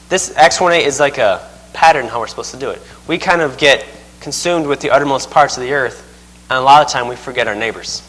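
A man's voice: medium pitch, a bit bright. A man preaching a sermon as a missionary, telling stories with a chuckle in a folksy way. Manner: chuckles through his own anecdotes, folksy. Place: church sanctuary. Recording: long reverb of a church hall.

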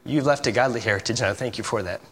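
Racing along in a mid-range, fairly bright voice, a visiting missionary preacher in his thirties gives a casual sermon that is self-deprecating, chatty and punctuated by laughs. Soft music plays behind him in the church sanctuary, and the recording has church hall reverb and faint room noise.

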